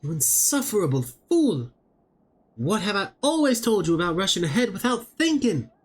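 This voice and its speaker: A man playing a shrill, scolding young woman. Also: big pitch swings, normal speed, mellow, husky, heavily acted. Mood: exasperated scolding. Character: anxious young woman scolding her reckless friend. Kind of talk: reading game dialogue aloud.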